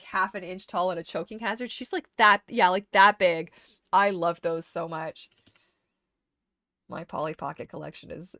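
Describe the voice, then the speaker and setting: A woman streamer casually chatting to herself while sorting items in a game, getting animated when something excites her. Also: on the low side, no room sound, studio quality. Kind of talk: casual gameplay chat.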